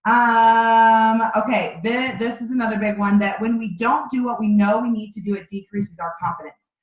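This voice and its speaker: A woman's voice: medium pitch, fairly quick, roomy sound, poor audio. A woman leading her sales team in a motivational training over a video call, talking in a direct, emphatic coaching way. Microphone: video call microphone.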